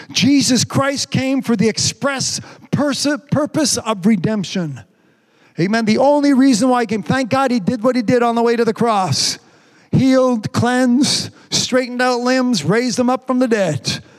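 A man with a very high voice preaches a fervent sermon at an unhurried pace. He repeats amen and hallelujah again and again and calls on the congregation to answer him.

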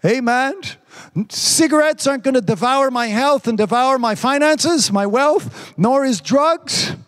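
Male preacher, very high voice, emphatic delivery studded with hallelujahs. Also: fairly bright tone. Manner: emphatic, repeats phrases, frequent hallelujahs; stretches words out slowly for emphasis. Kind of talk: sermon.

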